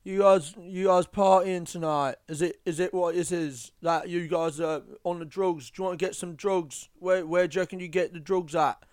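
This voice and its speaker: A man's voice: high-pitched, fairly even intonation, moderate pace, few pauses, darkish tone, dry recording, studio quality, close to an everyday voice. A man doing an overeager, boastful backpacker dude. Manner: eager, overfamiliar, keeps saying man. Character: try-hard insecure young male backpacker, boastful.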